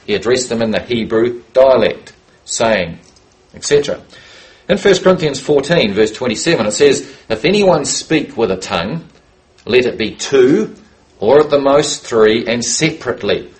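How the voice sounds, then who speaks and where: A man delivers a sermon at a medium pitch, reading scripture passages aloud. He lingers on key words and lifts his voice for emphasis. His pacing is deliberate and teaching in tone. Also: rough recording. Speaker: preacher.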